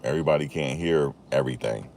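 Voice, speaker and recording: A man's voice: very deep voice, fast, darkish tone. A man hosting a casual commentary monologue, chatty and repetitive, laughing at the story he tells. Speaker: YouTube commentary host.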